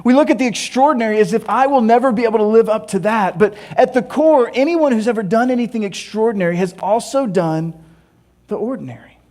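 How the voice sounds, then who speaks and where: A man preaching a sermon, telling stories with animated humor and playful asides. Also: high-pitched, fairly quick. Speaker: pastor.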